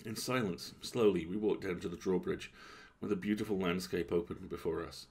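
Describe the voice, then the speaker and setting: A man reading a classic story aloud as a bedtime story, in a calm, measured, gravelly voice. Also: sits low.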